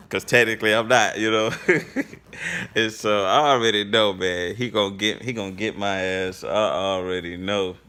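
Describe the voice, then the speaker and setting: A man's voice: on the low side, a little slow, sharp tone. A young man telling a story to camera in a laid-back, slangy way, full of fillers. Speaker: vlogger.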